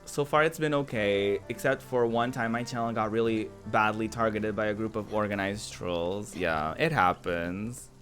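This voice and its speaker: A man's voice: fairly low pitch, moderate pace, hardly any pauses, a bit bright, faint music behind. A man streaming a game, chatting casually with his viewers, giggling often and answering chat aloud. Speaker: Twitch streamer.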